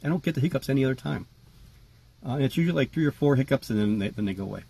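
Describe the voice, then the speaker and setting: A man talking casually to camera about his tarantulas, relaxed and chatty with lots of fillers. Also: mid-range voice, rapid-fire, creaky, slightly rough, dry recording. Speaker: tarantula keeper vlogger. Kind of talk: casual rambling vlog.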